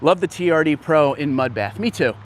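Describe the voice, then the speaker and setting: A man's voice: a little high, expressive, brisk. A man hosting a casual live stream, walking through an outdoor dealership lot and greeting viewers by name, a little out of breath from walking. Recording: faint outdoor background noise.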